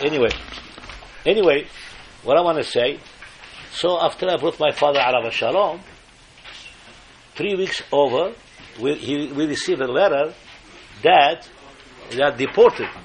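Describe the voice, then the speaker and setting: An older man tells a story during a sermon, and his voice sits a little high for a man. He talks in animated, emphatic bursts and drops Hebrew phrases into his English. A faint hiss runs under the recording. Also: moderate pace, pauses often. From Morocco. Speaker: speaker giving a religious talk.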